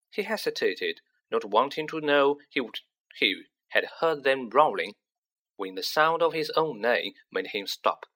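Brief: animated audiobook narrator, bright voice, lively pitch, voices every character. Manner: expressive, acts out each character. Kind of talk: storybook reading.

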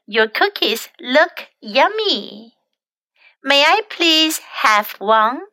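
A woman whose first language is Chinese, teaching children English in a bilingual lesson. She repeats each English phrase slowly after its translation. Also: high voice, sharp tone, no echo.

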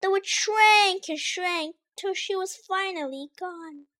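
A woman reading a rhyming storybook aloud in a lively, expressive way. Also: extremely high pitch, takes it slowly, poor audio.

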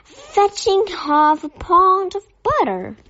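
A woman voicing a brisk, kindly housekeeper in a storybook, talking in a matter-of-fact way. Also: extremely high pitch, very animated, pushed and bright, dry recording, pitched above the performer's own voice, heavily acted. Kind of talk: storybook reading. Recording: dull dry lo-fi recording.

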